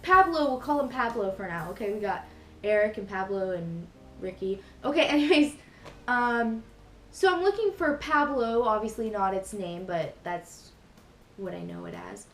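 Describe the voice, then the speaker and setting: A young adult woman vlogger tells a story in a casual, rambling way, packed with fillers and self-corrections. Her mid-range voice is animated at a moderate pace. The room is echoey, with faint music in the background.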